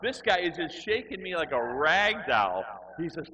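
Animated man telling a funny testimony. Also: fairly high pitch, normal speed, poor audio. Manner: animated, acts out other people's voices. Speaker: storyteller. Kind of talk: humorous personal testimony.

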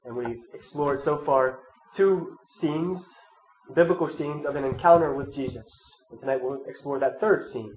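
A man with a cold and a nasal, congested voice, reading scripture and then giving a measured, reflective sermon talk. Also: medium pitch. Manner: measured, reflective, with soft asides. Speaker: preacher leading an Advent talk series. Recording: roomy echo, faint ambient noise.

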